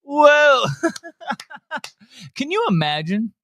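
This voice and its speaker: A man's voice: very high voice, sing-song, extremely slow, over music. A man hosting a movie podcast, ranting sarcastically and with exasperation about a trailer ad. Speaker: podcast host. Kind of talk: casual ranting commentary.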